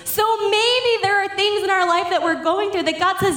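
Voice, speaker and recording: Chatty high-voiced woman preaching. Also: moderate pace, few pauses, roomy sound, soft background music. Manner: chatty, laughing, acts out Bible figures in animated voices. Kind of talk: casual sermon.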